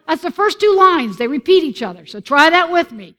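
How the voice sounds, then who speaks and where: A woman's voice: very high-pitched, big pitch swings, fairly quick, few pauses, a bit bright. A woman pastor preaching and leading her congregation in a church. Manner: encouraging, leads the congregation in song. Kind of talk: sermon with congregational singing. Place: church sanctuary.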